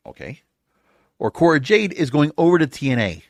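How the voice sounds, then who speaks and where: Podcast host, male, fairly high voice, sarcastic and exasperated, dry close-miked sound. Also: very animated, a little fast, no echo. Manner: sarcastic, exasperated, rhetorical questions. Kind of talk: opinionated solo podcast rant.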